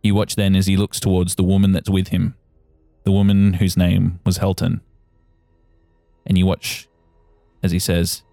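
A man narrating as game master of a tabletop game, in steady descriptive narration. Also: deep voice, moderate pace, pauses often, dry recording, soft background music. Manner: steady, descriptive narration with repeated "you watch".

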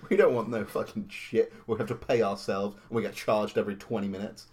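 Low-voiced joking player. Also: male voice, steady tone, brisk, darkish tone. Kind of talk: casual tabletop game chat.

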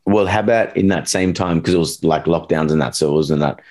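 A man's voice: deep voice, a little fast, a little mellow. A young man, a dog trainer, talking casually and rambling, acting out quotes with funny voices. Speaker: dog trainer, podcast co-host. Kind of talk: casual chat.

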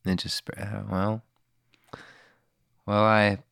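A man's voice: on the low side, flat delivery, slow, vocal fry, fairly bright tone, no echo, studio quality. A man playing in an improvised tabletop game, talking hesitantly with lots of stammers and fillers. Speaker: player.

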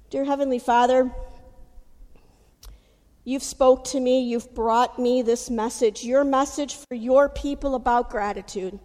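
Woman preacher telling a story, high voice, big echoey church. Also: darkish tone. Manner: folksy storytelling, casual asides. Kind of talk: sermon. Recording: hall reverb.

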